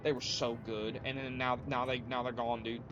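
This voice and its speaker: A man's voice: medium pitch, little pitch movement, normal speed. Rambling young man saying dude a lot. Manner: rambling, laid-back, says "dude" often. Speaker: game streamer. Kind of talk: casual chat with viewers while playing. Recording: lo-fi, dull sound with faint music.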